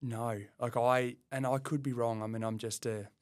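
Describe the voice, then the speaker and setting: A man with an Australian accent in casual podcast chat, relaxed and self-deprecating, rambling with restarts. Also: medium pitch, normal speed, dry recording. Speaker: podcast co-host, plumbing business owner.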